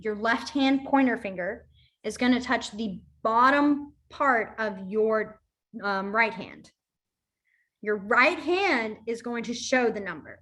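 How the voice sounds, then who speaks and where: Friendly young female teacher, chatty, a touch high-pitched, casual class delivery. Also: a bit bright. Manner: chatty, laughs often, quick asides. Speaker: sign language teacher. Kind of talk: casual online class instruction.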